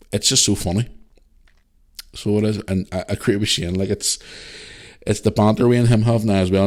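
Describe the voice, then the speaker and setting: A middle-aged man with a Northern Irish accent, hosting a casual solo podcast and chatting loosely as he reads out listener messages. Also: fairly low pitch. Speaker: podcast host.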